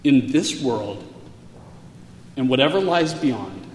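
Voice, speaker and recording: A man recounts a personal story in an earnest, halting way, stumbling over and repeating words. His voice sits in the middle range. It rings with a long reverberant echo and a faint ambient hum behind it. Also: mid-range voice, expressive. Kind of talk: personal story told aloud. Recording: echoey hall with faint ambience.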